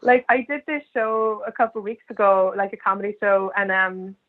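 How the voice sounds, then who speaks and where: A woman's voice: medium pitch, flat delivery, fairly quick. A woman with an Irish accent, chatting casually as an interview guest and telling funny anecdotes full of "like" fillers. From Ireland. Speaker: guest, comedian and writer. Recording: tinny phone-line sound.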